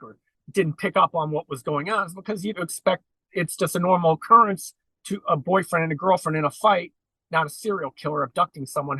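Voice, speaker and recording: Man, podcast guest, earnest storyteller, forceful fairly high voice, dry close sound. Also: husky, no echo, low-quality recording. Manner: earnest, recounting at length. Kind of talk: conversational interview.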